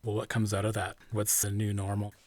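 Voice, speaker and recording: A man's voice: fairly low pitch, monotone, brisk, a little mellow, no room sound, clean studio sound. A man from Canada hosting a podcast, asking earnest, conversational questions. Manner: earnest, laughs easily, conversational. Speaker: podcast host. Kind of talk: casual interview questions.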